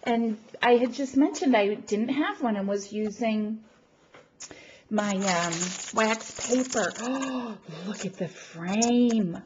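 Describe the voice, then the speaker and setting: A woman crafting vlogger, not feeling well, gushing and gasping with excitement as she opens a gift package at home and chats to the camera. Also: fairly high pitch, slow, muffled recording, noisy background. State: feeling unwell. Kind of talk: excited unboxing chat to camera.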